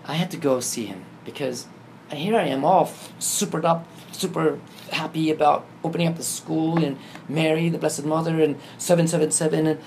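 Gravelly man telling a lively story. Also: on the high side, normal speed, few pauses, slight background noise. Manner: animated, acts out quoted dialogue. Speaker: guest telling his story. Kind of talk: casual storytelling.

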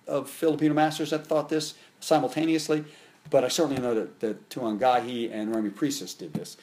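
A man in his fifties, a martial arts instructor, telling stories in a casual interview. He rambles and restarts often, and his voice jumps higher and louder when he gets animated. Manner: rambling, with frequent restarts and fillers.

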